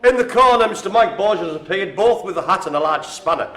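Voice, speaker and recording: A man's voice: sits high, lively intonation, quick pace, fairly bright tone. A man calling bingo live in a care home, chatty and playful, joking with the room. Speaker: bingo caller. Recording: echoey room.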